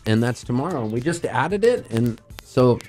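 A man's voice: medium pitch, lively intonation, normal speed, a little mellow, soft background music, low-quality recording. A man guesting in a radio studio, telling a long rambling anecdote with bursts of laughter. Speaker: musician guest. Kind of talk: storytelling on radio. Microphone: studio microphone.

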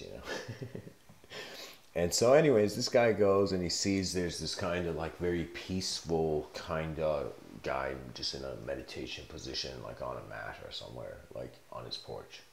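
A man's voice: a bass voice, vocal fry, darkish tone, slight background noise. A man giving a casual spoken lecture, telling a story in a rambling way, full of fillers. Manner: rambling, filler-heavy, laughs often. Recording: echoey room.

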